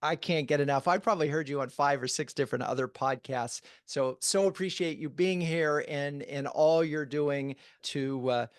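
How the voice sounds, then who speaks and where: A man's voice: fairly high pitch, normal speed, few pauses, clean tone, no room sound. A male podcast host thanking his guest at the close of an interview, effusive and full of filler words.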